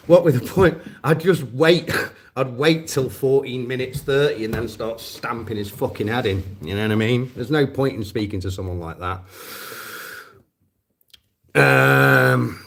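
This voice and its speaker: A man at an ordinary middle pitch talks off the cuff to his stream chat. He rambles, swears often and leans on fillers as he goes. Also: gravelly. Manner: profane, rambling, many fillers. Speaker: volunteer drone operator answering live chat. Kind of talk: casual livestream chat.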